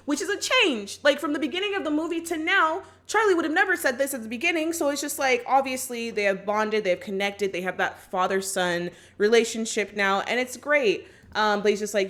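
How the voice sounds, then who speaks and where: A woman's voice: fairly high pitch, lively intonation, fairly quick, few pauses, fairly bright tone. A woman vlogger chatting casually through a movie recap, with lots of "like" and "just like". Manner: chatty, full of "like" and "just like", acts out quotes.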